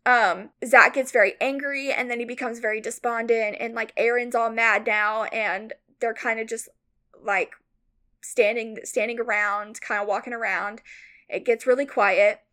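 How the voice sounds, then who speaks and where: A woman co-hosting a podcast, casually retelling a story with lots of "like" fillers, rambling and animated. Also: a little high, moderate pace. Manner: animated, mock-outraged retelling. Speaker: podcast co-host.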